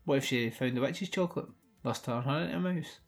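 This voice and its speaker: A man's voice: medium pitch, fairly quick, vocal fry, faint music behind. A man with a Scottish accent, co-hosting a podcast and riffing playfully with absurd jokes and frequent laughter. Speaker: podcast co-host. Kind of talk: casual film chat.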